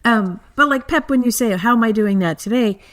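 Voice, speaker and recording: A woman's voice: on the high side, a little fast. A woman co-hosting a podcast, speaking in a thoughtful, responsive way in casual conversation. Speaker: podcast co-host.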